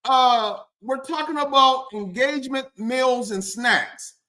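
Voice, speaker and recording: A man's voice: very high-pitched, slow, bright, forceful tone. A man hosting a live stream interview, joking and teasing his guests in playful banter.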